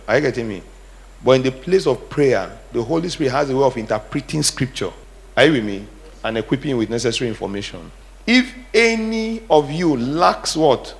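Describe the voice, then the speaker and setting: Middle-aged guy preaching, gravelly voice, keeps asking the church questions and hammering lines over and over. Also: medium pitch. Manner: call-and-response preaching, rising to emphatic repetition. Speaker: pastor. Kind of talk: sermon.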